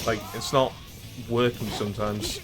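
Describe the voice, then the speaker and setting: A man's voice: fairly low pitch, fairly even intonation, a little slow, over loud music. A male streamer giving casual, self-deprecating let's-play commentary while reading game dialogue aloud. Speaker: streamer playing a video game.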